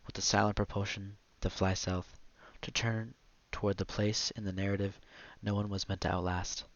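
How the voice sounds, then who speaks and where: A man narrating a literary audiobook in a measured, quiet, reflective delivery. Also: low voice, lo-fi sound.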